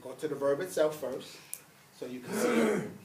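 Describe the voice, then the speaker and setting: A man teaching an Arabic religious text in class, emphatic and animated, repeating key points and reading Arabic quickly. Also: a little high, reverberant, distant mic, heavy background noise. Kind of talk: classroom lesson.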